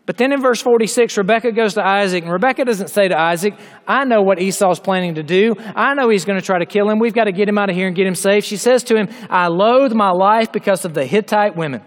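A man preaching a sermon in a large hall, reading scripture aloud and explaining it with emphatic, drawn-out delivery. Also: high-pitched. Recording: long hall reverb.

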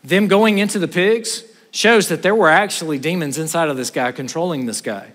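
Male preacher with a high voice, lively sermon storytelling that swings from loud to hushed, in a reverberant hall. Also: moderate pace. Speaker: pastor.

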